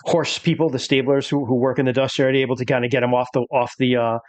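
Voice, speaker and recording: A man running a tabletop horror game as game master, explaining rules with many pauses and fillers. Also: medium pitch, flat delivery, a little mellow.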